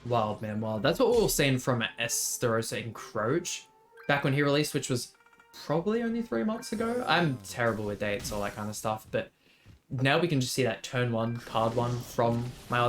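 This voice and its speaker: A man talks his way through a game match, thinking aloud and rambling, often restarting mid-sentence. His voice sits at an ordinary middle pitch. Soft music plays quietly behind him. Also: moderate pace. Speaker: gaming video creator. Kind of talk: casual gameplay commentary.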